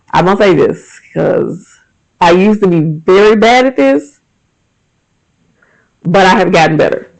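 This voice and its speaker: Here a man's high-sitting voice, marked by vocal fry, carries a casual podcast monologue on faith and everyday living. The host, in his thirties, comes across as emphatic, animated, frank and candid. The recording is low quality.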